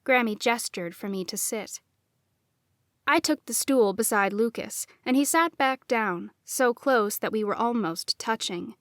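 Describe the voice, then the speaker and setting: A woman reading a first-person novel as audiobook narrator, in a measured, expressive delivery. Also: a little high, no room sound, clean studio sound.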